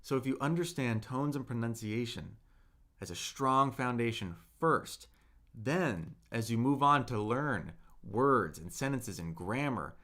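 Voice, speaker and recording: Guy teaching chinese on a livestream, bouncy lively pitch, slow drawn-out talk, reads comments out. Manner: slow, drawn-out modeling of words for repetition; chatty, reads viewer comments aloud. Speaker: Mandarin teacher. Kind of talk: livestreamed language lesson.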